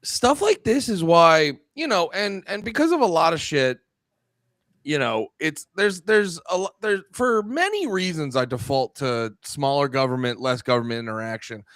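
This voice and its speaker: Male comedy co-host, crude and mocking, lively higher voice, dry mic. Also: normal speed, no echo. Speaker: podcast co-host. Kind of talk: casual comedy chat.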